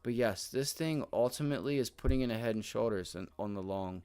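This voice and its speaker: A medium-pitched, fairly quick man with a mellow, clean tone hosts a day trading livestream from his desk, casually walking viewers through stock charts in a rambling way. He mutters curses when things go badly before resuming his explanations, sprinkling in "right?" and "my friend" over and over.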